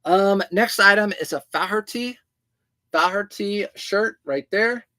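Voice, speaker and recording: A man's voice: high-pitched, measured pace, sharp tone. A man who resells clothing, hosting a casual livestream and chatting as he answers viewer comments.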